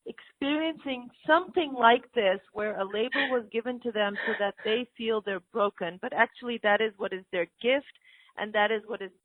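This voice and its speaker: A woman's voice: on the high side, normal speed. A woman hosting a call-in show, reassuring and affectionate, calling callers honey and sweetheart. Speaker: host. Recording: phone-line call audio.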